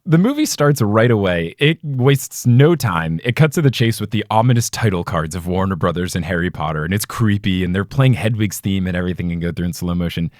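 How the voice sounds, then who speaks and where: Animated low-voiced American man hosting. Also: fairly quick, hardly any pauses, dry recording, clean studio sound. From United States. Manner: animated, jokey, fond of silly voices. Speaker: podcast host. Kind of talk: casual podcast chat.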